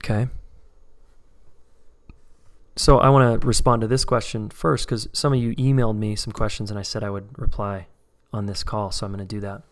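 A man's voice: on the low side, little pitch movement, quick pace, few pauses. A man teaching a live online course, talking casually and acting out short example conversations as he explains. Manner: conversational, acts out dialogues. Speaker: course instructor.

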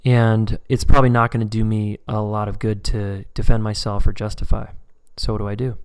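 A man's voice: lowish voice, level tone, brisk, clean tone. Conversational man teaching a webinar. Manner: conversational, acts out dialogues. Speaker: course instructor.

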